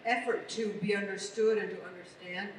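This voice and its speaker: Speaking briskly in a mid-range voice, this American woman is a voice actress appearing as a guest on a convention panel. She's a lively, talkative storyteller from the United States. There's a bit of hiss or hum, and the large hall sounds echoey, as though recorded from a distance.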